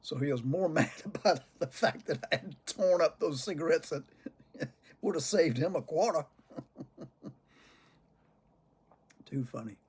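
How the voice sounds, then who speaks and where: A man's voice: fairly high pitch, expressive, unhurried, pauses often, a little mellow, slightly rough. An older man chatting to camera about cigars and telling stories from his childhood, chuckling often as he talks. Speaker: cigar vlogger. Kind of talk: casual storytelling to camera.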